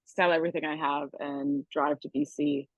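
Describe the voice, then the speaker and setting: A woman's voice: deep voice, little pitch movement, normal speed, no room sound, rough recording. A young woman from the Niagara region of Canada, a chef chatting casually with many likes and ums. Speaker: chef guest. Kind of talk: casual interview.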